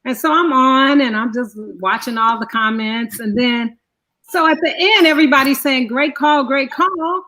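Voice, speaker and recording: A woman co-hosts a relaxed conversation, spinning an animated story and slipping into the voices of the people she quotes. Her voice sits high and rings bright. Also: moderate pace, poor audio. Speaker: co-host. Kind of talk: casual chat.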